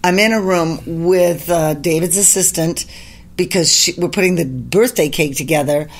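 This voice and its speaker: Woman from Canada, husky voice, lowish pitch, animated anecdotes, casual podcast chat. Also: moderate pace. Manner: animated anecdote-telling, acting out quotes, laughs often. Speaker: guest singer. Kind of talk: casual storytelling in a podcast interview.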